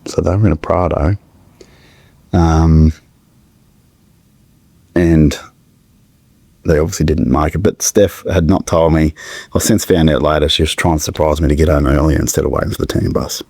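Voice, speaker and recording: A middle-aged man with a very low, gravelly voice tells a painful personal story in a halting way. He often stops, restarts and searches for words. The close recording is dry, with no room echo. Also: steady tone, darkish tone. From Australia. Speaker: podcast guest.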